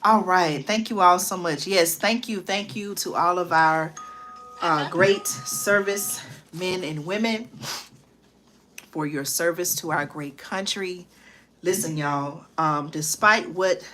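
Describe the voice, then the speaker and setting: A woman hosting her own live stream, chatting casually with viewers and often checking in with a quick "okay?" between thoughts. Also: lowish voice, a bit bright. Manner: chatty, tags lines with "okay?" and "y'all"; drawn-out fillers and restarts. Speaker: livestream channel host. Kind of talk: casual livestream chat to viewers.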